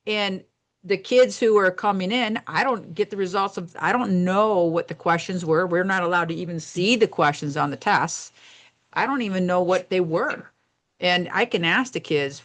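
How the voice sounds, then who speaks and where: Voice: mid-range voice, moderate pace, fairly bright tone. Retired teacher in their 60s, emphatic, keeps repeating words to drive it home. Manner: emphatic and repetitive. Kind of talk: casual podcast chat.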